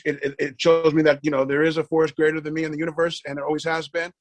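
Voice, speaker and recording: Animated man telling a story, dry sound. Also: fairly high pitch, quick pace, no echo. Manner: animated storyteller, acts out dialogue, repeats words when excited. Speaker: podcast guest. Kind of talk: casual storytelling interview.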